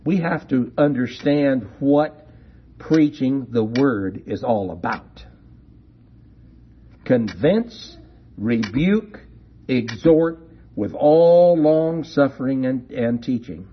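A man preaching a sermon, slow and deliberate, leaning hard on key words. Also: medium pitch, lively intonation, slight background noise. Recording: dull lo-fi recording.

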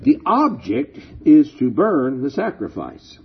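A man preaching and reading scripture at an unhurried pace, his pitch rising and falling widely. His voice is slightly husky, and the recording sounds dull and lo-fi. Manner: animated, reading aloud with big swings in emphasis.

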